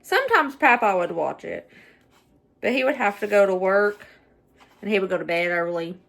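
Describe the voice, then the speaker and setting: A woman's voice: medium pitch, expressive, normal speed, creaky, a bit bright. A middle-aged woman with a Southern US accent, chatting nostalgically through a casual home cooking vlog and laughing often. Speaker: cooking vlogger.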